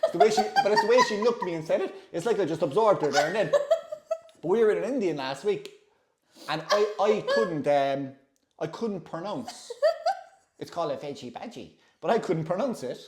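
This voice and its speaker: A man's voice: high voice, very animated, moderate pace, reverberant. A man with a Cork Irish accent, telling stories in casual chat and laughing often. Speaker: podcast co-host.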